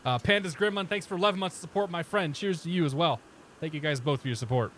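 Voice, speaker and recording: Streaming a flight simulator, this man keeps things relaxed and chatty, echoing pilot radio calls back in proper clearance style. His voice sits a little high and moves fast, with a slight hiss or hum behind it. He sounds loosely Midwestern, tinged with Boston.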